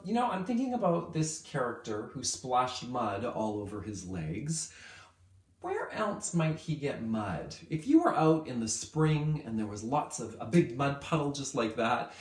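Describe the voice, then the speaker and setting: A man teaching a lesson to small children, speaking at an unhurried, deliberate pace in a voice of middling pitch. He is upbeat and draws words out sound by sound. The recording carries a noticeable echo from the room. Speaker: kindergarten teacher.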